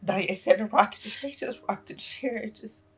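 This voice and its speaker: A middle-aged grandmother, appearing as a podcast guest, recounts a painful personal story. Her medium-pitched, slightly rough voice is halting and emotional, and she keeps repeating phrases.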